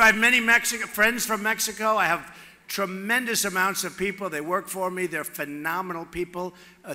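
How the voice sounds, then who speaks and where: Man, rally speaker, high and very bright voice, boastful and repetitive, long echo of a big hall. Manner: swings from loud shouting to hushed asides. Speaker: political candidate at a rally. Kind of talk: campaign rally speech. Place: large rally venue with crowd.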